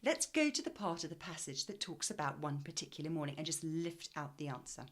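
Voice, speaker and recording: A woman reading tutor with a low, husky voice that swings up and down as she reads. She leads an expressive reading lesson, asking questions in a teacherly way. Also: a little fast.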